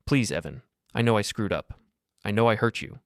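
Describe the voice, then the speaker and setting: A man's voice: on the low side, expressive, normal speed, no echo, studio quality. A man voicing a defensive wife who speaks in a cutting tone and at times pleads. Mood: pleading.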